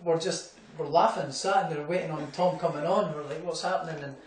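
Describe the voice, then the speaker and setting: A man's voice: on the high side, fairly even intonation, a little fast, distant mic. A young Scottish man, a boxer, telling rambling anecdotes in a casual interview, full of fillers and laughs. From Scotland. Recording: echoey room, off-mic, faint hum.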